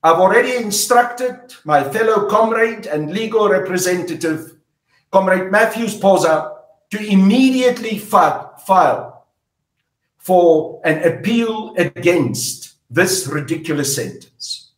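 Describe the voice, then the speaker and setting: Older South African man, angry and defiant, high voice, slow emphatic delivery, echoey room. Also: expressive. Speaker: politician. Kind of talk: angry public statement.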